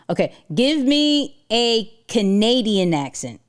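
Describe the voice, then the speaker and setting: Woman livestream host, unhurried, lively and smooth-voiced, slangy. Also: mid-range voice. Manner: animated, slangy, laughs often. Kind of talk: casual livestream chat.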